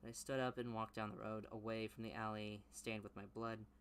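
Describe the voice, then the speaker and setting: A young man reading his old teenage story aloud in a low mumble, then breaking off into loud, mocking commentary. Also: flat delivery, fairly quick, a little hiss or hum. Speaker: YouTuber reading his childhood writing.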